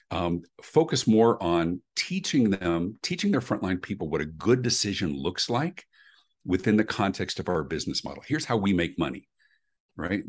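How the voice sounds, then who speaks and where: A middle-aged man with a deep, husky voice answers interview questions with real intensity. His pitch swings widely as he drives home each point with emphatic energy. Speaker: guest, customer experience speaker.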